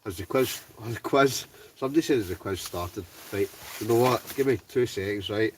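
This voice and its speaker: Scottish man, ayrshire accent, low voice, chatty and laughing, a bit far from the mic, faint outdoor hum. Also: moderate pace. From Scotland. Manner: chatty, laughs often, reads out viewer names. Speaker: wild camping livestreamer reading chat. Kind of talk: casual livestream chat. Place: inside a heated tent in the snow.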